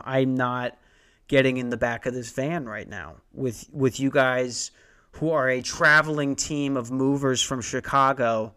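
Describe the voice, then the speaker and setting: A man's voice: medium pitch, steady tone, a little slow, sharp tone, clear, resonant tone. A young man hosting a comedy podcast, ranting and rambling with lots of profanity and restarts. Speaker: podcast host.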